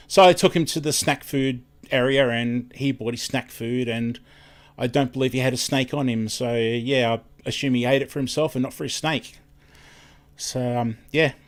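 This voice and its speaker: An Australian man hosting a live stream in casual chat, rambling, self-deprecating and tripping over his words. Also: mid-range voice.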